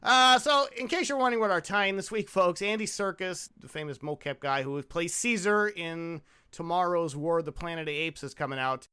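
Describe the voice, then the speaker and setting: A man's voice: high-pitched, fairly quick, few pauses, pushed and bright, smooth. A man hosting a casual comedy movie podcast, reading his notes and cracking crude jokes. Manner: joking, crude, reads from notes. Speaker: podcast host.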